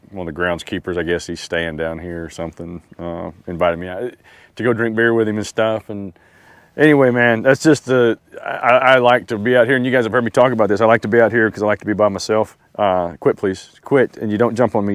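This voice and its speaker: A relaxed man with a drawl chats loosely at a lakeside campsite, wandering from thought to thought and talking to his dog. His voice sits a little low. The sound is dry and close, with little room around it. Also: brisk, no echo. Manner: laid-back, rambling, talks to his dog. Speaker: outdoor vlogger. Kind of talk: casual camping vlog talk.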